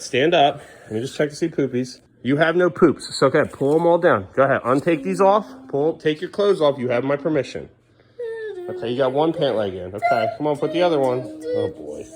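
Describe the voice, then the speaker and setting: A man filming a casual home vlog in a bathroom, coaxing his toddlers along and dropping quieter asides to the camera. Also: medium pitch. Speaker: parent vlogger.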